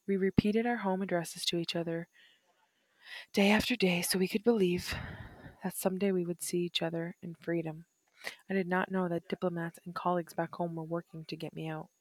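Low-voiced woman reading a memoir. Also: no echo. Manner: measured, reflective reading. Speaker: narrator. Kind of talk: reading a first-person memoir aloud.

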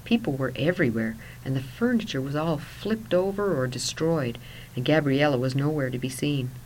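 A woman narrating a first-person story in a soft voice that at times drops to a whisper. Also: very deep voice, animated, moderate pace, slight background noise, rough recording.

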